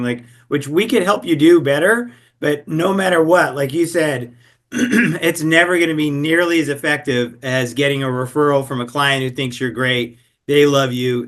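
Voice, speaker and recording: A man's voice: mid-range voice, a bit bright. A man who is a sales coach and a guest on a podcast, answering in a thoughtful way and often restarting his sentences with fillers. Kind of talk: interview conversation.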